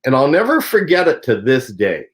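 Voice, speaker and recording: A man's voice: medium pitch, very animated, normal speed, poor audio. A Canadian angler tells a story from his past in an easy, conversational way. His speech wanders, full of fillers and restarts. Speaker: professional angler and show host. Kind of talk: casual storytelling.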